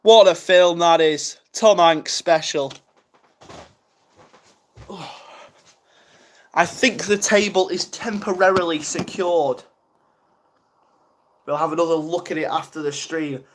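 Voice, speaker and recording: A man's voice: on the high side, takes it slowly, long pauses, a little hiss or hum. A young man from the UK chatting casually on a live stream, flustered and rambling, mocking himself as he goes. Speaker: ASMR livestreamer.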